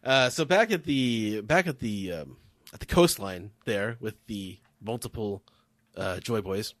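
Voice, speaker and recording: A man on a podcast walks through a comic chapter in an easygoing way, his voice sitting fairly low. He leans on fillers and pauses as he talks. The sound is dry and close, with no room around it. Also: no echo. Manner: relaxed, laid-back summarizing with many fillers. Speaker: podcast host. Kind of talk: casual chat recapping a comic chapter.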